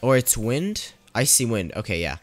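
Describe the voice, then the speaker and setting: A man's voice: medium pitch, sing-song, normal speed, faint music behind. A man giving casual let's-play commentary, thinking aloud and teasing the game's characters as he plays. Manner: thinking aloud while playing. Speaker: gameplayer narrating his playthrough.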